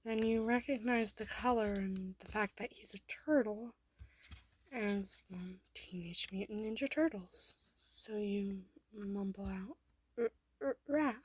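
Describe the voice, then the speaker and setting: A woman's voice: medium pitch, fairly even intonation, a little slow, slightly rough. A woman reading a second-person fan story aloud, often in a half-whisper.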